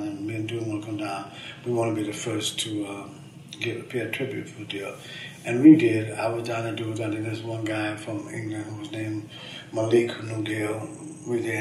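A man's voice: lowish voice, darkish tone, a little hiss or hum. An older man, a veteran poet, telling rambling, emphatic and profane stories in an interview, often ending his sentences with "man.". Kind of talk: candid interview storytelling. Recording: echoey room, distant mic, faint ambience.

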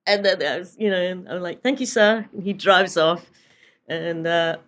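A woman's voice: fairly low pitch, steady tone, normal speed, fairly bright tone. A British woman from England in her sixties, a photographer telling stories in a casual interview, chatty and full of fillers. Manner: chatty storyteller with many fillers and laughs. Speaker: photographer guest.

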